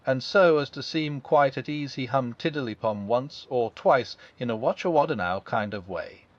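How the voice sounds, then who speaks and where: A man reading a classic children's storybook aloud in a calm, unhurried bedtime style, barely changing his voice for the characters. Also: medium pitch, no room sound. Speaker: audiobook narrator. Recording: dull lo-fi sound.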